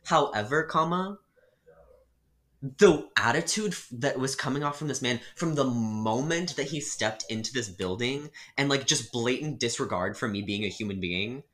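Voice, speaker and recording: A man chatting casually on a podcast, telling a story from his job. His pitch jumps around a lot as he acts out both sides of the exchange, and he punches the key lines with exasperation. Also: normal speed. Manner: animated, acts out customer dialogue with exasperated emphasis. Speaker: podcast co-host.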